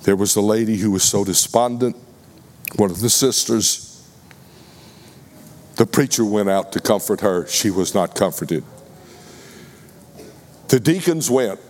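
A man with a Texas accent preaching a sermon, deliberate and addressing the congregation with questions. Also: fairly low pitch, a little mellow, in a large hall.

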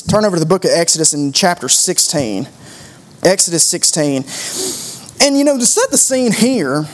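A preacher giving a conversational sermon, driving points home with rhetorical questions and repeated phrases. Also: mid-range voice.

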